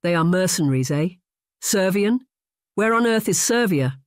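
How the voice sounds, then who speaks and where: A man's voice: high-pitched, animated, normal speed, no echo, clean studio sound, pitched above the performer's own voice. A man reading an audiobook, voicing a bad-tempered, blustering laird. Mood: angry. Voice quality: harsh, raging.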